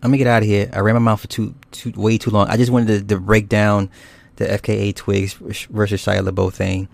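A man's voice: lowish voice, flat delivery, brisk, creaky, no echo. A man hosting a casual livestream, rambling and swearing loosely with frequent laughs as he reads viewer comments. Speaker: YouTube host.

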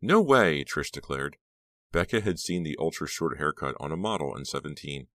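A man narrating an audiobook in a measured storytelling manner. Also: rumbling low, a bit bright. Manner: measured storytelling, voicing all characters. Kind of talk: scripted narration.

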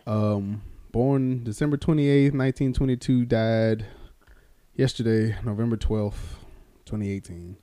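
A man's voice: fairly low pitch, a little slow, no echo. A man hosting a casual podcast who teases his co-host, laughs often and tells stories loosely with many fillers. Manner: teasing, animated, laughs often.

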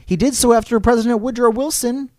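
A man's voice: extremely high pitch, steady tone, fast talker, darkish tone, no echo. Casual male podcast host telling history. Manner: casual, digressive, reads quotes aloud.

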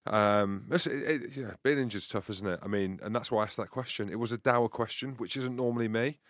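A man's voice: lowish voice, fast, fairly bright tone, no echo. A man co-hosting a rugby podcast in a studio, playful and jokey, often laughing as he talks. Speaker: podcast co-host. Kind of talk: casual studio banter.

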